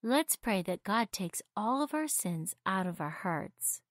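A woman voicing a warm mother who gently and calmly explains things to her children in a storybook. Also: medium pitch, measured pace, no room sound, clean studio sound. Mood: reassuring.

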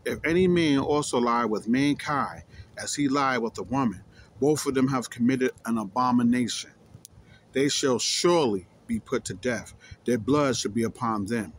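A man's voice: medium pitch, moderate pace, slight background noise. A man reading scripture aloud and explaining it emphatically, repeating key words and challenging his listeners. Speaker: scripture teacher.

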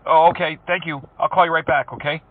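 A man's voice: a little high, steady tone, quick pace, very noisy. A man making prank phone calls, talking in a mocking, teasing, playful way. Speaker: prank caller. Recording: tinny phone line.

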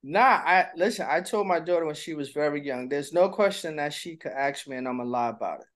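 A man's voice: a little high, brisk, a bit bright. A middle-aged man chatting casually as a co-host, candid and playful, slipping into little impressions while he tells stories. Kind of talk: casual chat.

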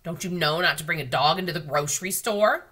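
A woman voicing a frazzled male store manager in a children's story read-aloud, shouting at a dog loose in the store. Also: low voice, a little fast, slightly rough. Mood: scolding. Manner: shouting, then pleading and tearful.

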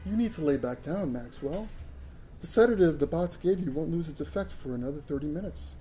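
A man voicing a gentle alien caretaker who speaks softly and with great compassion, as part of a story reading. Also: on the high side, lively intonation, brisk, faint music behind, natural voice. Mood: soothing.

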